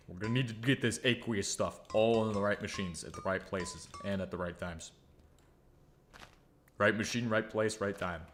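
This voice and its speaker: In a lowish, somewhat bright voice, a man who creates gaming videos offers casual commentary as he builds. He's jokey and self-mocking, and keeps humming and muttering to himself.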